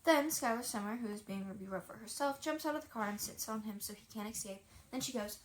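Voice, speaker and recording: A woman reading a children's audiobook aloud in a chatty, lively first-person voice. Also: fairly high pitch, fast talker, few pauses, slight background noise. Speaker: audiobook reader.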